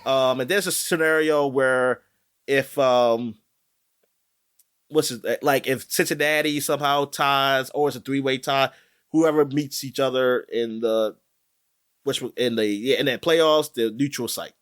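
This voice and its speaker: A man co-hosting a podcast in casual chat, rambling and animated, with many fillers and restarts. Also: medium pitch, measured pace, clean tone. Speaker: podcast co-host. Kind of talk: casual chat about sports.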